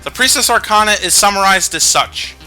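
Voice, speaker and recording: Bright-voiced joking man over music. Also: sits high, expressive, fairly quick. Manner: joking, profane, explains game mechanics. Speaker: let's play commentator. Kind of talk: casual game commentary.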